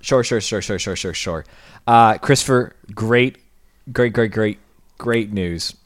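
A man co-hosting a podcast who talks casually with dry, deadpan sarcasm. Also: lowish voice, slow pace, dry recording. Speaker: podcast co-host. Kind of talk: casual chat.

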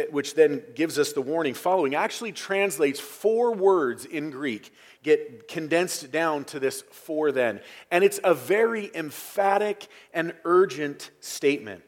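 A man preaching a Sunday sermon as pastor, earnest and emphatic, stressing key phrases and sometimes dropping to a near whisper. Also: a little high. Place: church sanctuary.

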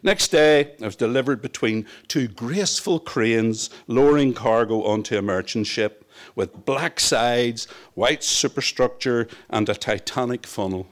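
A man's voice: mid-range voice, measured pace. A man from Northern Ireland reading his own memoir aloud in a wry, reflective storytelling manner. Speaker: narrator. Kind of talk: first-person memoir reading.

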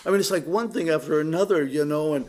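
A man's voice: on the high side, quick pace, darkish tone. A man preaching a conversational sermon in an earnest way, speaking straight to his listeners and often restarting his sentences. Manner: earnest, with frequent restarts and direct asides to listeners.

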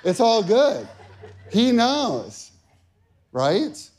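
A man preaching, telling a personal story with strong emotion that builds from quiet talk to shouted peaks. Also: extremely high pitch, huge pitch swings, very slow. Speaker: pastor.

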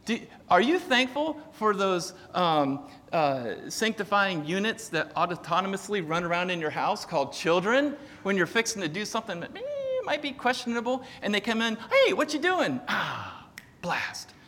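A man delivers a sermon in a chatty, storytelling manner and jokes at his own expense. His voice sits high and bright. It rings out with a long reverb in a church sanctuary. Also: lively intonation, moderate pace, hardly any pauses. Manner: conversational, storytelling, self-deprecating humor. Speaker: preacher.

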